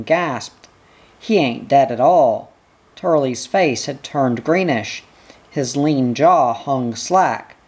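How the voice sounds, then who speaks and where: A reader narrating a short story with a slow, deliberate, dramatic delivery. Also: medium pitch, a little mellow, breathy edge. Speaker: audiobook reader.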